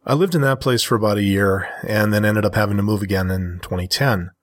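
A middle-aged man reading his own first-person story in a measured, steady way, then talking frankly to listeners. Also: lowish voice.

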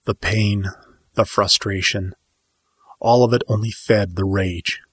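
A man narrating a first-person story in a measured, dramatic audiobook style. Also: lowish voice, steady tone, fairly bright tone, husky, no echo, studio quality.

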